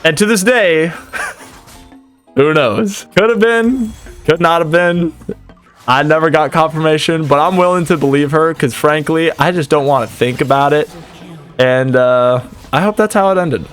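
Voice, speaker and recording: A man's voice: on the high side, normal speed, faint music behind. Rambling man telling a party story. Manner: animated, rambling, with frequent fillers. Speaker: streamer. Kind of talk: casual storytelling.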